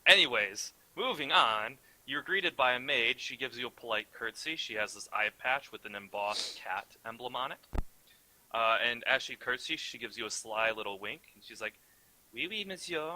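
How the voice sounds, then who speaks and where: Bright-voiced young man running a tabletop game. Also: medium pitch, normal speed, slight background noise, poor audio. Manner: rambling, self-correcting, swears casually. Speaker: game master.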